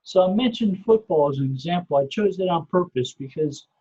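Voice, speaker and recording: A middle-aged man, a podcast guest, explaining things step by step in a measured way and often repeating his first word. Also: sits high, dark tone, husky. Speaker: podcast guest, SEO researcher. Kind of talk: casual explanatory interview talk. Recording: muffled lo-fi podcast audio.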